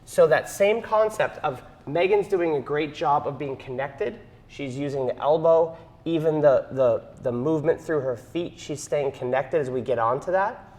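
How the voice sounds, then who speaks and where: A man's voice: on the high side, normal speed, darkish tone. A man teaching a partner dance class, explaining moves and counting the beats aloud. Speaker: dance instructor. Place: dance studio. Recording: long hall reverb.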